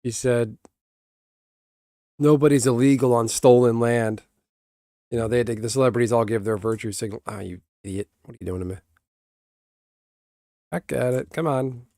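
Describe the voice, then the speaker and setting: A man's voice: on the low side, a little fast, vocal fry, long pauses, a little mellow, no room sound, studio quality. Blunt young man chatting on stream. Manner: rambling, blunt, swears casually.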